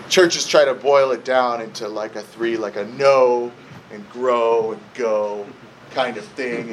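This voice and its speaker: A pastor, a man, preaching a sermon in a church in a conversational way, with lively retellings and frequent restarts. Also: mid-range voice, a little hiss or hum, poor audio.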